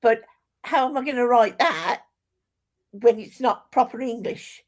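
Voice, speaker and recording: A woman's voice: a little high, unhurried. A woman taking part in an online writing workshop, asking hesitant, self-deprecating questions over a video call. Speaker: workshop participant.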